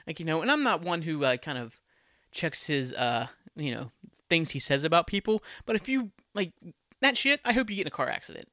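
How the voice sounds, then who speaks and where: A man's voice: fairly high pitch, very animated, fairly quick, bright, forceful tone, dry recording, studio quality. A man hosting a casual solo podcast, ranting bluntly with lots of swearing and laughing at his own jokes. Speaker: podcast host.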